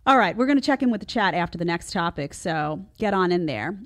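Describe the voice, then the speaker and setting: Animated woman host chatting to a live chat. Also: fairly low pitch, fairly quick. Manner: chatty and animated, acts out quotes. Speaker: host reacting to clips. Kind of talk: casual commentary to a live chat.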